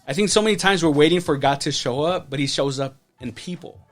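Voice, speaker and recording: A man's voice: a little high, fast talker. A man in his thirties tells his personal story as a podcast guest. He speaks with emotion, often restarting and filling with "like". Faint music plays underneath. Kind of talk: personal testimony.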